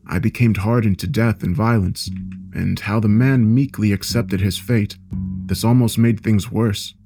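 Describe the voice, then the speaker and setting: A man with a low voice reads a horror story in a measured, dark storytelling manner. Faint music plays underneath. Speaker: narrator. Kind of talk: scripted horror story narration.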